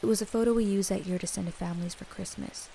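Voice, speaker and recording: Young woman narrator with a gravelly edge, steady read of a creepy story. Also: mid-range voice, fast, a little hiss or hum, rough recording. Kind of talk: scripted first-person horror narration.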